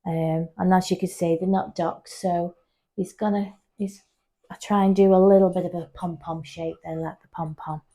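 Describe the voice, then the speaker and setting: Filming a vlog indoors at her grooming salon, a woman pet groomer casually walks through her work in a chatty, explanatory way. She speaks at a moderate pace with fairly even intonation and a dark tone, though she addresses the dog in a high, coaxing voice.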